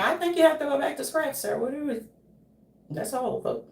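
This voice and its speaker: A woman vlogger rambles to her viewers in an emotional way, her voice often leaping up. Her voice sits a little high, and it comes from some distance off the mic in a room that echoes. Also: lively intonation, fairly quick, creaky, a little mellow. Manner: emotional and rambling, with sudden leaps in pitch. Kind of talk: casual monologue to viewers.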